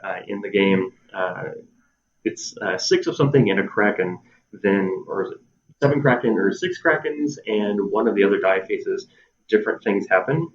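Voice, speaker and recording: Low-voiced man chatting on a dull line. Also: lively intonation, normal speed. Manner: laughs often, acts out players' lines. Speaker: game designer guest. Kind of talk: casual interview chat.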